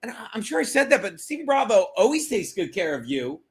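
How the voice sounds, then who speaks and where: A man's voice: high-pitched, big pitch swings, a little fast. A man hosting a casual livestream, rambling through a profane, self-mocking rant. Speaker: livestream host. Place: home livestream.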